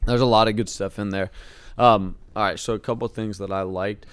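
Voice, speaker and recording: A man with a very low, smooth, clear voice coaches in a relaxed, encouraging way. He lays out his advice point by point, recorded close up in a dry room with no echo. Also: brisk. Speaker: sales trainer and host. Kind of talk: casual coaching talk.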